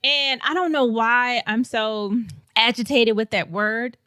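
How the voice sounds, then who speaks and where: A woman's voice: a little high, takes it slowly, clean tone, no echo, studio quality. A woman from St. Louis, Missouri, guest on a podcast, telling a story with lots of laughs and acted-out quotes. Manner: animated, laughs often, acts out quoted voices.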